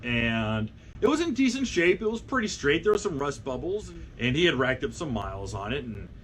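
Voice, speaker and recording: A man at a middle pitch swaps a relaxed shop-talk story, wandering through ums and restarts and slipping into animated quoted voices. A faint hiss sits under his voice. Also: normal speed. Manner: rambling, with fillers and lively acted quotes. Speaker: car magazine editor. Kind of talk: casual anecdote storytelling.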